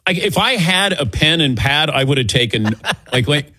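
A male radio host with a bright, forward tone that jumps up and down as he tells his stories. He acts out the people in them and laughs often, and the mic is close and dry. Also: a little high, moderate pace, breathy edge, dry recording. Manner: animated storyteller, acts out quotes, laughs often. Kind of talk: casual on-air banter.

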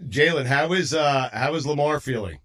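A man's voice: a little high, moderate pace, fairly bright tone. A man hosting a sports radio show, interviewing a guest in casual chat and laughing easily.

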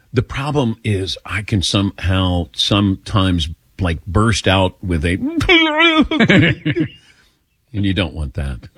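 Male talk radio host, lowish and animated, quick to laugh at himself, dry sound. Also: slightly rough, dry recording. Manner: laughs readily, self-mocking. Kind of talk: casual call-in chat.

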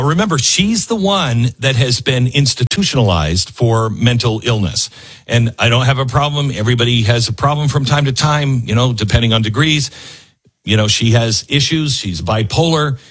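A man's voice: medium pitch, moderate pace, fairly bright tone, slightly rough. A man giving opinionated news commentary, sarcastic, often acting out the people he quotes.

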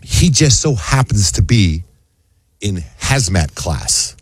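A middle-aged man hosting a radio show, telling a story in a casual, animated way and acting out the people in it. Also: slow, husky, dry recording. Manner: animated storyteller, acts out quotes in high voices.

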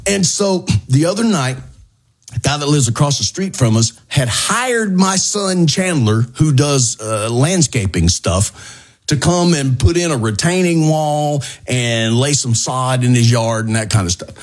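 A middle-aged man hosting a radio show, telling a neighborhood story in a lively, animated way and mimicking shouting neighbors. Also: medium pitch, measured pace.

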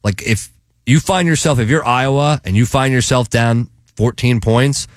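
A man hosting a sports betting show, talking picks in a chatty, enthusiastic way with halting restarts. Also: medium pitch, dry recording, clean studio sound. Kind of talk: casual sports betting chat.

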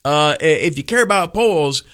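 A man's voice: fairly high pitch, animated, normal speed, fairly bright tone. A man hosting a morning radio show, talking casually and rambling with many fillers and self-deprecating asides. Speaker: radio host.

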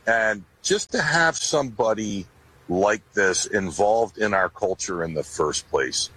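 A man's voice: on the low side, expressive, measured pace, fairly bright tone, breathy edge, poor audio. A man who is a retired military veteran, speaking bluntly and with indignation in an interview clip.

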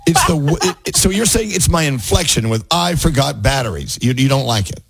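A man's voice: on the high side, fairly quick, vocal fry, slightly rough, no echo. A man hosting a radio show, joking and laughing with his co-hosts and a caller. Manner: animated, laughing, playful. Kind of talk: casual morning radio banter.

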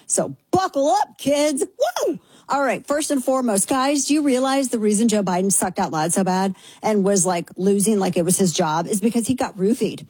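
A woman's voice: mid-range voice, animated, darkish tone, breathy edge, no room sound. A woman hosting a talk show, delivering a brash, sarcastic opinion monologue. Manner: brash, sarcastic, fast-shifting.

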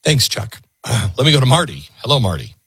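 A male radio talk show host taking calls from a studio. His pitch swings widely, and his voice is a little husky. He speaks earnestly and often repeats words as he works through a thought. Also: sing-song, moderate pace, a bit bright, dry recording. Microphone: studio microphone.

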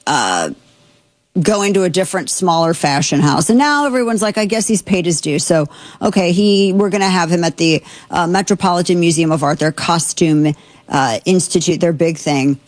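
A woman's voice: on the low side, expressive, moderate pace, no room sound. A woman hosting a show, talking through the news in a chatty, digressive way with frequent restarts. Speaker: show host. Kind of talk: casual news commentary.

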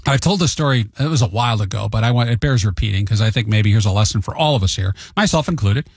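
A man's voice: fairly low pitch, lively intonation, fast, vocal fry, a little mellow, slightly rough, no echo, studio quality. A man hosting a talk show, telling stories in a casual monologue and raising his voice to act out the quotes. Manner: chatty storyteller, acts out quotes with a raised voice; admits he tends to be hot-headed.

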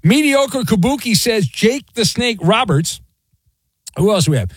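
A man's voice: sits high, sing-song, unhurried, slightly rough, dry recording. A man hosting a sports radio show, chatting casually with a wry, rambling manner and plenty of "uh"s.

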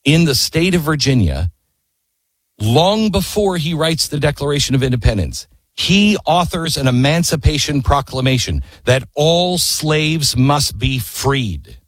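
A man's voice: on the high side, big pitch swings, unhurried, no echo. A man telling history as a story, impassioned and emphatic, posing rhetorical questions to his listeners. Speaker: history commentator.

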